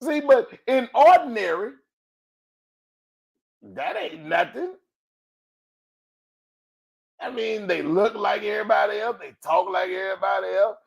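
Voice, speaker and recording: A man hosting a podcast in a motivational monologue, colloquial and preachy, calling out "ooh" and swinging between loud and soft. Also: lively intonation, unhurried, gravelly, long pauses, husky. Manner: preachy, exclaims "ooh", big swings in pitch and volume; colloquial, addresses listeners as family. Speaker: podcast host.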